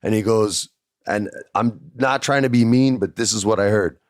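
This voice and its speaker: A man in his forties from New Mexico hosts a podcast, telling a backstage anecdote with animated energy and acting out the voices of the people in it. His voice is on the low side and moves at a normal speed. The studio recording is clean with no echo.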